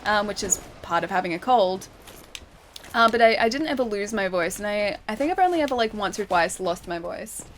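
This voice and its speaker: A woman's voice: mid-range voice, lively intonation, a little fast, slight background noise. A woman streamer chatting casually while she plays a game, reading viewer messages aloud and laughing often. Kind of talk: casual live-stream chat while gaming.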